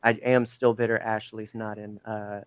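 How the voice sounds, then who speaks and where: A man's voice: on the low side, little pitch movement, normal speed, clear, resonant tone, no echo. A man hosting a podcast, chatting casually and enthusiastically, rambling with lots of fillers. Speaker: podcast host. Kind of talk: casual chat.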